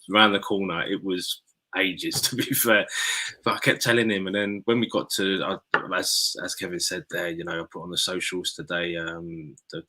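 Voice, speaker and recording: English host, deep bright voice, rambling earnest story. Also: male voice. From England. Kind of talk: casual chat.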